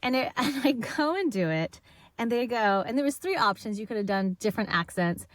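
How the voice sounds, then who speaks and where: A woman guest on a podcast, telling her story in a casual, animated way, acting out the people she quotes and laughing often. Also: a little high, brisk, dry recording.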